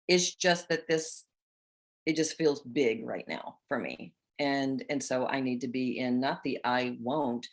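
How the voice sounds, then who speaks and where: Host, female, 60s, low voice, expressive spiritual coach talk. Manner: expressive, acts out inner voices with laughter. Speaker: host of a women's group chat.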